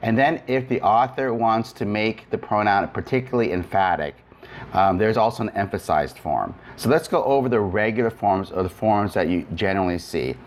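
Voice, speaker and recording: A man's voice: lowish voice, normal speed. A man teaching Greek grammar in a recorded lecture, explaining step by step with frequent fillers and restarts.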